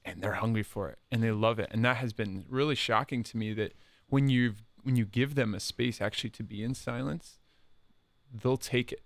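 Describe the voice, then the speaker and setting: A man's voice: medium pitch, normal speed, no echo. A man, a religious brother who works in youth ministry, telling stories earnestly and repeating phrases for emphasis. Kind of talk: casual podcast conversation.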